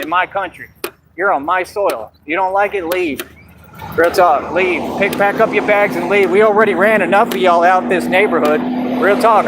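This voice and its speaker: Brash high-voiced man ranting outdoors. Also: noisy background. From Texas. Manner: brash, confrontational and boastful. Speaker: livestreamer. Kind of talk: livestream rant. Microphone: phone livestream.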